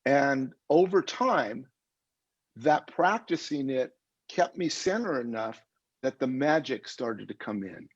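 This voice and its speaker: A man recounts a personal story with animation and laughter, his voice husky with a gravelly edge. He speaks on a video call. The audio is dull, lo-fi and dry. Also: medium pitch, slow pace, no echo. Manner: animated, laughs while retelling. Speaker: guest speaker. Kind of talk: personal storytelling in a spiritual talk.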